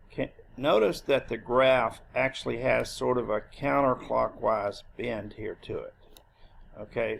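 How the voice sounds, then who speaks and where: Guy teaching a math lecture, kinda gravelly voice, easygoing, talks things through. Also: medium pitch. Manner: relaxed, explanatory, with restarts and fillers. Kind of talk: recorded lecture.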